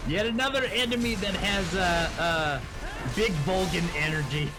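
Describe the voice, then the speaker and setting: A man co-hosting a game stream, tossing in slow, joking, profane asides. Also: high-pitched, over music. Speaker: co-host watching the stream. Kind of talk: casual gaming banter.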